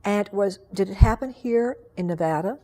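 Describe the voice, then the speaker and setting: A woman's voice: medium pitch, normal speed, mellow. Reflective woman host in her sixties. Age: 60s. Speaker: interview host. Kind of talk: conversational interview.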